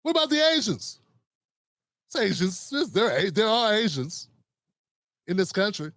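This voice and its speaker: A male commentator on his own show, ranting in a heated, mocking voice. His voice sits high for a man. The sound is dry and close-miked. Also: sing-song, unhurried, a bit bright, no echo. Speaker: host. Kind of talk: political commentary rant.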